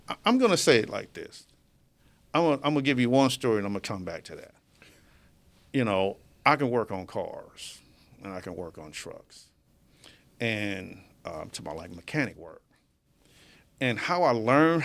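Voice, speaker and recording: A man with a medium-pitched, creaky, fairly bright voice is a guest being interviewed in a media studio. He tells his story casually and with animation, often laughing as he talks.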